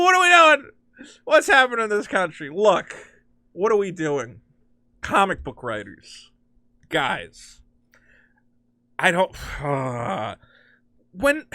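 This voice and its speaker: The host of a comic-book commentary vents in sarcastic disbelief, his fairly high voice swinging widely with a bright, forceful edge. It's a close, dry recording without any echo or room sound.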